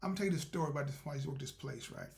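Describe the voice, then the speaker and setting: A man's voice: on the high side, lively intonation, rapid-fire, vocal fry, darkish tone. A man hosting a motivational show, telling a rambling, folksy story about doing right and offering spiritual encouragement. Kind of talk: casual storytelling monologue.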